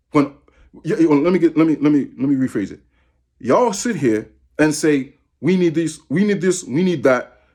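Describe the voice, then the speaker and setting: Angry husky-voiced man ranting. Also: fairly high pitch, darkish tone. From Massachusetts. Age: 30s. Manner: profane, heated, repetitive. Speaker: vlogger. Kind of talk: angry rant to camera.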